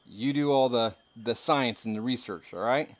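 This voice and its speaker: A man's voice: mid-range voice, moderate pace, dull audio. A man in his thirties chatting casually as he shows his metal detecting finds, rambling and joking with frequent laughs. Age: 30s. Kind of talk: casual chat showing finds.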